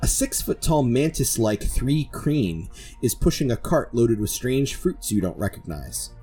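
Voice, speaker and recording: Mellow, husky-voiced male game master narrating. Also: mid-range voice, very animated, faint music behind. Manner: descriptive, measured storytelling. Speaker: dungeon master. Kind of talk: narrating a tabletop game podcast.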